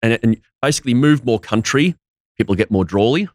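A man with a mild Australian accent, a guest talking casually and explaining clearly and deliberately. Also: medium pitch, expressive, a little mellow, dry recording, clean studio sound. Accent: Australian, northern Queensland. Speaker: evangelist guest. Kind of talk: casual interview chat.

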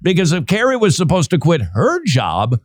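A man's voice: fairly high pitch, wildly swooping pitch, normal speed, dry recording, clean studio sound. A man co-hosting a podcast, talking through religion and news in a sarcastic, joking way. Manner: sarcastic, joking, laughs often. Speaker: podcast co-host. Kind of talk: casual commentary.

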